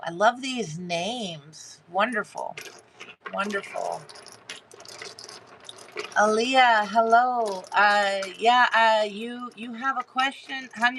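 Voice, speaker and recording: Woman, tarot reader on a live stream, slow, bright tone, hesitant, many fillers. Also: fairly high pitch, slight background noise. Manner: halting, hesitant, many fillers and restarts, greets viewers by name. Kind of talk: live psychic reading to chat.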